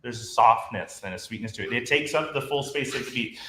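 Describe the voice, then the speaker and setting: Talking fast at a medium pitch, a man directing a choir gives rehearsal instruction on rhythm and diction, speaking and singing phrases to demonstrate them. A crowd can be heard in the background, and the rehearsal room recording has a roomy echo and faint ambience.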